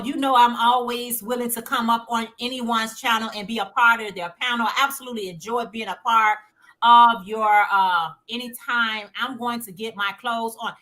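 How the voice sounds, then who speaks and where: Woman, livestream host, informal chat, sharp bright tone, slightly high voice. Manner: reads chat messages aloud, chatty and informal. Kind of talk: casual chat reading viewer comments.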